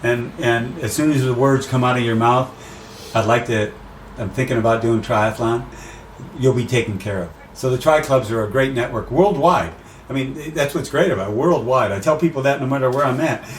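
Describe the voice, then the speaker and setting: Animated man, roomy distant sound. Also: a little fast. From USA. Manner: animated, acts out quotes with rising pitch. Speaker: race announcer guest. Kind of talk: casual interview chat. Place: outdoors by the sea. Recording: roomy and distant with faint noise.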